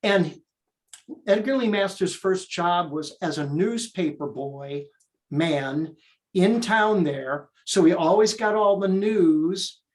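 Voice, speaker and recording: A man's voice: high-pitched, takes it slowly. An older man, a theater director, telling eager stories as an interview guest. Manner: eager, animated storyteller.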